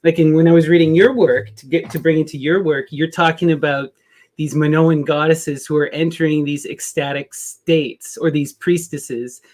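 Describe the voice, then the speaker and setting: A man's voice: on the high side, fairly even intonation, normal speed, darkish tone. A man hosting a podcast, musing casually with lots of "you know" and "like.". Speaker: podcast host.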